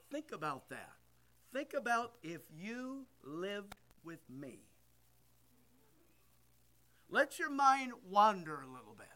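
An older man preaching a sermon as pastor, loud and emphatic, swinging between near-shouts and quiet asides. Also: sits high. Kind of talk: sermon with prayer.

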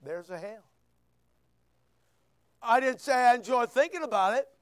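A man's voice: extremely high pitch, unhurried, clean tone, no room sound, clean studio sound. A man preaching a sermon, reading scripture and acting out voices as he goes. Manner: animated preaching, acts out quoted voices. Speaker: pastor.

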